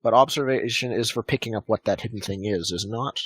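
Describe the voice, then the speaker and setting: A man's voice: lowish voice, quick pace, breathy edge, no room sound, poor audio. A man playing a tabletop game who checks the rules aloud and talks hesitantly. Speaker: player. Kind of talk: casual tabletop game chat.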